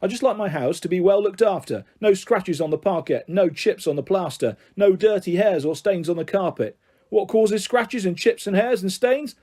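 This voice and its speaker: Guy putting on a sneering bully dad, fake-friendly then nasty, raised mellow voice. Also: sits high, normal speed, voice pushed up. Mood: menacing. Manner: taunting, mock-jovial then harsh. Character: bullying middle-aged father, menacing and sneering.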